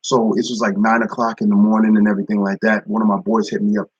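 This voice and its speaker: A man's voice: fairly low pitch, flat delivery, quick pace, a little mellow, slightly rough, no room sound, dull audio. A man giving a casual spoken devotional, repeating phrases and greeting viewers by name. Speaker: ministry speaker. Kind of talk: live-streamed devotional talk.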